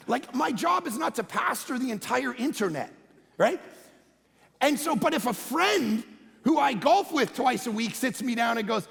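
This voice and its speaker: A man, a pastor, preaching a conversational sermon that swings between loud emphatic bursts and quiet low asides. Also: animated, fairly quick, gravelly. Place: church auditorium. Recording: long hall reverb.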